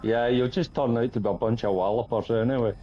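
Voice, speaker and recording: A man's voice: mid-range voice, fairly even intonation, fast talker, dark tone, muffled recording, soft background music. A man playing along in a multiplayer game, teasing his friends in dry banter. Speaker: co-player. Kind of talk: casual gaming chat.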